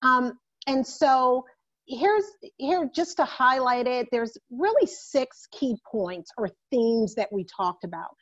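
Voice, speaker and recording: A woman moderating a virtual panel, speaking in a measured way as she puts questions and sums up the points. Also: sits high, expressive. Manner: measured, summarizing. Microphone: video call. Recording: muffled video-call audio.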